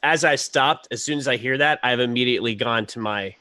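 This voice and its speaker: A man plays a tabletop game, speaking in a bright, forward tone. He hesitates and restarts his sentences often. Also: medium pitch, fairly quick. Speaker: player. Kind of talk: playing a tabletop game in character.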